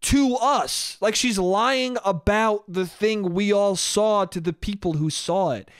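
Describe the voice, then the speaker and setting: High-voiced man ranting on a podcast. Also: slow pace, smooth, no room sound, clean studio sound. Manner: profane, exasperated storytelling. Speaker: podcast host. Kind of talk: casual solo podcast monologue. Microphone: podcast microphone.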